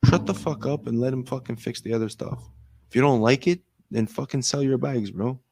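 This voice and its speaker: A man's voice: medium pitch, brisk, darkish tone. A man ranting in casual chat, swearing heavily. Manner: profane, ranting.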